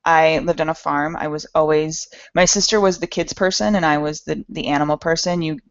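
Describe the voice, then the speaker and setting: A middle-aged woman talks candidly to an audience about what drives her, self-deprecating and a little halting as she restarts her sentences. Her voice sits low with a gravelly edge, and the recording is dull and lo-fi. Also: fairly even intonation. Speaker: speaker at an entrepreneur meetup. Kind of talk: personal talk to an audience.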